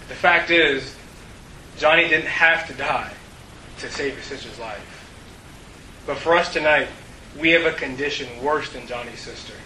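A man preaching an earnest sermon to his congregation, telling stories and dropping to a hush for the key points. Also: mid-range voice. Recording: roomy, distant mic with faint hiss.

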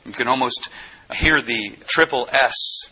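A man preaching a sermon, teaching from the Bible with animated delivery and acted-out quotes. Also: medium pitch, a little slow, slightly rough, muffled recording.

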